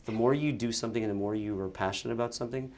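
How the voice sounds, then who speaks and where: A man's voice: on the low side, very fast, darkish tone. A young man from Montreal, an actor and sketch comedian, chatting in an interview, laughing often and restarting his sentences. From Montreal, Canada. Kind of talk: casual interview chat.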